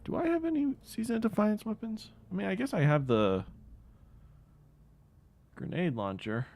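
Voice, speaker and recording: A man's voice: high voice, very animated, moderate pace, creaky, darkish tone. A man streaming a video game, chatting casually and thinking aloud as he plays. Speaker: gaming streamer. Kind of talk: casual gameplay commentary.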